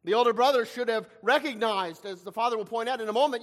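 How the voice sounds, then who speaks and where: Guy preaching, really high voice, big echoey hall, dramatic, acts out the quotes. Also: fast talker, few pauses. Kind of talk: sermon. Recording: long reverb of a hall.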